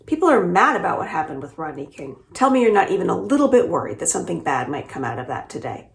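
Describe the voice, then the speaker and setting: A woman's voice: on the low side, very animated, quick pace, creaky. Exasperated worried mother, as a woman reads her. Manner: sharp and insistent. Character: anxious, exasperated immigrant mother and shop owner. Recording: roomy echo.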